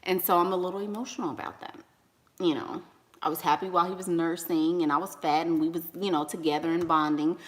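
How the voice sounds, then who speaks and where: A woman's voice: lowish voice, steady tone, fast talker. A woman, chatting casually and animatedly to viewers, slangy and laughing often. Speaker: online business coach and vlogger.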